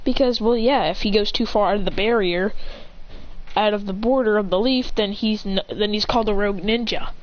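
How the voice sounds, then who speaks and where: Woman, casual improvised storyteller, rambling run-on delivery, lo-fi recording with faint hiss. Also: medium pitch. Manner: rambling, self-correcting, quick run-on telling. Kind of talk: improvised fan-fiction narration.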